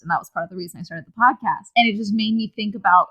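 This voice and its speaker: A young woman hosting a casual podcast, excitable and high strung, often laughing as she reads listener stories. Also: racing, hardly any pauses, highs cut off. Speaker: podcast host.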